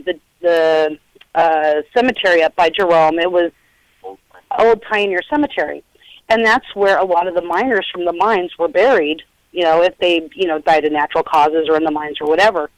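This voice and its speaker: A woman's voice: lowish voice, no room sound. Chatty middle-aged woman on a phone line. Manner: chatty, animated storyteller acting out quotes. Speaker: paranormal investigator guest. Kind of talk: casual storytelling interview.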